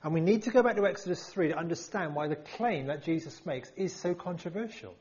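A man's voice: on the high side, animated, brisk, darkish tone, dull audio. A man preaching a sermon to a congregation, emphatic and full of rhetorical questions.

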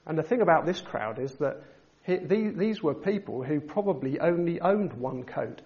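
A man preaching a sermon, asking his listeners rhetorical questions and building to loud, emphatic passages. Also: a little high, expressive, normal speed, muffled recording.

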